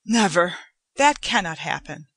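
A woman's voice: on the low side, lively intonation, a little slow, a bit bright, no room sound, full character voice. A woman reading aloud, voicing an earnest young man pleading with his father and his beloved. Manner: earnest, insistent, courteous. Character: earnest young gentleman, devoted son.

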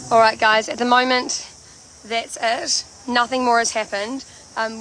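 A woman's voice: a little high, rough recording. A woman from Canterbury with a New Zealand accent, livestreaming from an outdoor protest camp and talking through events in a chatty way, full of "you know" and "like". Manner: chatty, explains things at length, many "you know" and "like" fillers. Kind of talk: casual livestream commentary. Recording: phone audio with steady background noise.

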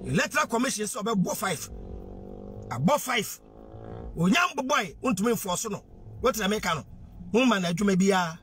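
A man's voice: sits high, lively intonation, moderate pace, long pauses, a bit bright, slight background noise. A man with a Ghanaian accent delivering an impassioned monologue to camera. He preaches, repeats himself and fires off rhetorical questions, switching freely between Twi, English and pidgin. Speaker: social media commentator.

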